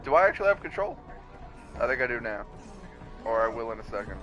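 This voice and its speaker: A man's voice: mid-range voice, sing-song, quick pace, a bit bright, muffled recording, faint music behind. A man streaming a video game, chatting casually, reacting to the game and swearing freely. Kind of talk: casual live-stream commentary.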